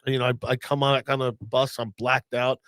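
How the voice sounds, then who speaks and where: A man's voice: medium pitch, little pitch movement, normal speed, fairly bright tone, clear, resonant tone, no echo. Laid-back blunt man on a podcast. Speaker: podcast co-host, comedian. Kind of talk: casual podcast chat.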